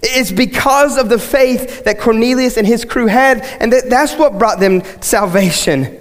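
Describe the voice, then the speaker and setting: A man's voice: very high-pitched, a little slow. A male pastor giving a sermon, talking conversationally to the congregation and building to emphatic points. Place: church sanctuary. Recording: long hall reverb.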